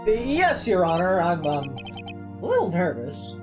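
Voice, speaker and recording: A woman's voice: on the low side, huge pitch swings, unhurried, over music. A woman reading the lines of a nervous young male defense lawyer in a video game, mixing in joking asides. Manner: reading narration aloud, jokey asides.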